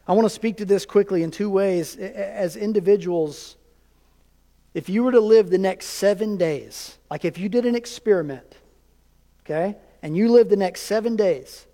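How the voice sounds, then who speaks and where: Man, pastor, high-pitched voice, lively conversational sermon, long church-hall reverb. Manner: animated, conversational preaching with quick asides.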